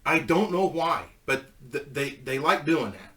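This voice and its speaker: Bright-voiced man telling a story. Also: on the high side, lively intonation, a little slow, distant mic. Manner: rambling, swears a lot, laughs at own story. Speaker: storyteller, ex-wrestler. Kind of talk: casual profane storytelling.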